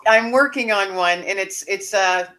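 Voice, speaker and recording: Bright-voiced woman author, chatty. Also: mid-range voice, measured pace. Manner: earnest, chatty storyteller. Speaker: author guest. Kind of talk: casual podcast interview.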